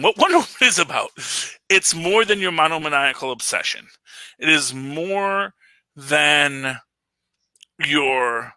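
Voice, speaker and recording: A man's voice: a little high, pushed and bright, dry recording. A man hosting a casual podcast chat, rambling enthusiastically with frequent fillers and laughs. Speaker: podcast host reviewing a film.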